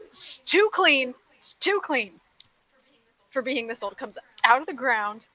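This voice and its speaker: A woman's voice: high voice, expressive, takes it slowly, pushed and bright, dry recording, heavily acted, poor audio. A woman voicing Plume, an exasperated adventurer who only wanted treasure, ranting in character.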